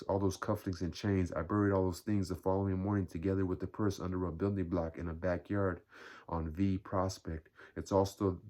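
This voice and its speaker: A man's voice: sits low, a little mellow, lightly acted. A man reading aloud, voicing a tormented young man who confesses wearily and in despair. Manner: weary, despairing, ironic.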